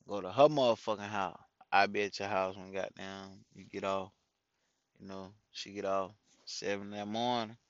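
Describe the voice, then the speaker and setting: A man's voice: lowish voice, fairly bright tone, clean tone, no room sound, lo-fi sound. A middle-aged father rambles through casual stories for his followers, cussing freely and dropping "man" into almost every sentence. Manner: loose, rambling, profane, with many "man"s. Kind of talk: casual storytelling monologue.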